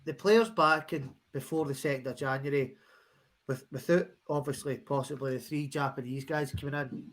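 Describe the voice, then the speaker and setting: Sweary Scottish man, halting talk. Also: medium pitch, fairly bright tone. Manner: sweary, halting with many restarts. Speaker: football podcast co-host. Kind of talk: casual post-match chat.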